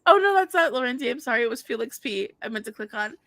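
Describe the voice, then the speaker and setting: A woman's voice: a little high, expressive, quick pace, bright, forceful tone, no room sound. A woman co-hosting a podcast in casual chat, chatty, laughing often and trailing off mid-sentence. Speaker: podcast co-host.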